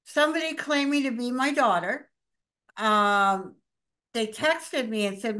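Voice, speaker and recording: Chatty middle-aged woman, higher voice. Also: animated, a little slow, pushed and bright. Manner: chatty, rambling personal anecdote. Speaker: panelist. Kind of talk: casual chat.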